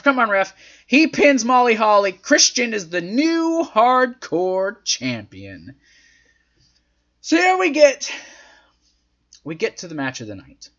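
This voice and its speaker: A man's voice: high voice, fairly bright tone. A man hosting a casual recap, rambling along with lots of fillers as he retells events. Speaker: host. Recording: dull lo-fi audio.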